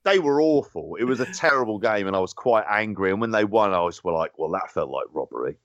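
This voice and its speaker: A man's voice: lowish voice, expressive, a little fast, dry recording, lo-fi sound. A man, chatting as a podcast co-host, rambling and swearing through his banter. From London. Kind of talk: casual chat.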